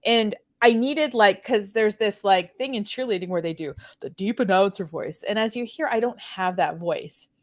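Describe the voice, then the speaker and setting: Her speech comes at a normal speed with hardly any pauses, in a mid-range voice carrying a French Canadian accent. As host of a casual chat, she rambles chattily and fills her talk with fillers.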